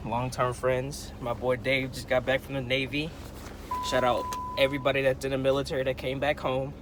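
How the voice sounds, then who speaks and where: Still groggy from just waking up, a young vlogger with a medium-pitched voice rambles to his camera in a laid-back, slangy way. He seems to be in a car or out on a city street, with traffic and street noise clearly audible behind him.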